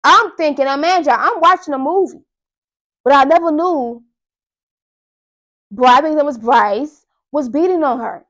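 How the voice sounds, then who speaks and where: A young woman with a high voice hosts her own podcast. She tells a story in a loose, animated way and keeps talking straight to her listeners. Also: measured pace, pauses often. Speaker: podcast host. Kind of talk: casual monologue.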